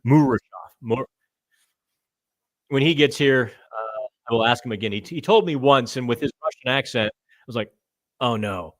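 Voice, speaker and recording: Middle-aged guy doing a live hockey chat, reading comments, thinking out loud, dry close mic. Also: mid-range voice, moderate pace, pauses often, no room sound. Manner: conversational, thinking out loud, stumbles on names. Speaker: hockey podcast host.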